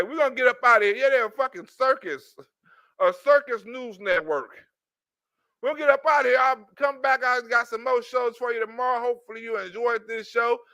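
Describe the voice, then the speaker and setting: High-voiced mocking stream host, man. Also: sharp tone, no room sound. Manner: mocking, profane, laughs a lot. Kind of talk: casual commentary stream.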